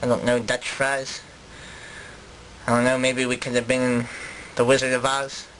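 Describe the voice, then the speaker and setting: A man's voice: mid-range voice, monotone, moderate pace, fairly bright tone, slight background noise, pitched below the performer's own voice, natural voice, rough recording. A man doing a sulking Dutch colonist. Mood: musing.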